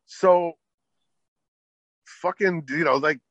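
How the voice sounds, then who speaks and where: A man's voice: on the high side, very slow, a bit bright, no echo, highs cut off. A man telling a long car story in casual chat, swearing often and filling with "like". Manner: profane, rambling, fillers like "like".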